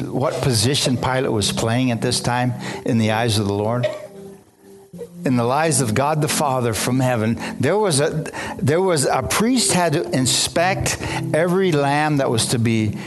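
A man preaching a sermon, reading scripture aloud and breaking off into fervent commentary, often restarting his phrases. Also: medium pitch. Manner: fervent, repeats and restarts phrases, asks the congregation. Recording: music playing behind.

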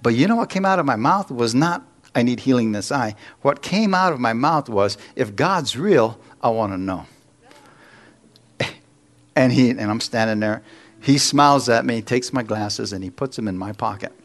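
A man's voice: medium pitch, lively intonation, moderate pace. A man preaching in church, telling a story with acted-out quotes and little jokes. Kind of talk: sermon testimony.

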